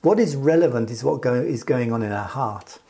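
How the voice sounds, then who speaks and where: A man preaching a sermon in a measured, unhurried way, pausing and restarting as he explains a scripture passage. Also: mid-range voice, animated, creaky, dark tone.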